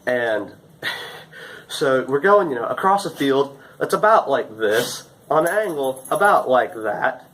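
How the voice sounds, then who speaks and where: A man's voice: medium pitch, a little slow, few pauses, slight background noise, rough recording. A young man from the Carolinas, casually and animatedly telling a story about his days as a farm intern. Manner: animated, acts out shouts and gestures.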